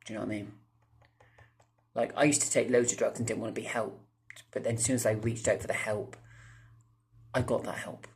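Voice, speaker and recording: A man's voice: fairly low pitch, steady tone, fairly quick, long pauses. A man, telling a rambling storytime to his viewers, swearing freely and breaking off into asides. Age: 30s. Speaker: vlogger. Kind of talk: casual storytime monologue.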